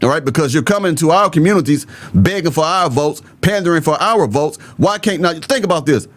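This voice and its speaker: A man's voice: a little high, lively intonation, fairly quick. A man from the Southern United States with a mild Southern accent, hosting an opinionated video commentary and talking bluntly and emphatically straight to his viewers. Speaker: political commentary host.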